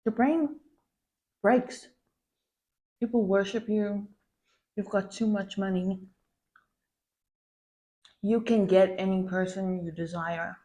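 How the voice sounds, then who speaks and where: A woman's voice: medium pitch, steady tone, slow, long pauses, warm tone. A woman content creator venting in a POV girlfriend role-play, swearing often and calling the listener babe. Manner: profane, ranting, calls the listener babe.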